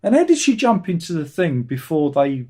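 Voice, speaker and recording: A man talking in a casual livestream chat, sarcastic and quick to get worked up. His voice sits a little high for a man. He rants about what annoys him. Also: very animated, dark tone, breathy edge. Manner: ranting, sarcastic, quick to anger. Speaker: host of a review livestream. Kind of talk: casual chat, reading viewer comments.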